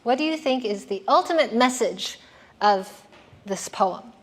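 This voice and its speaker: A woman's voice: a little high, expressive, a little slow. A woman giving a classroom lecture on poetry, explaining patiently and putting questions to her students.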